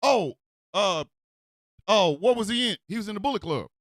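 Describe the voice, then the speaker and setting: A male radio host ranting in a comedic style, excitable, swearing and often shouting. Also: high voice, moderate pace, no echo, studio quality.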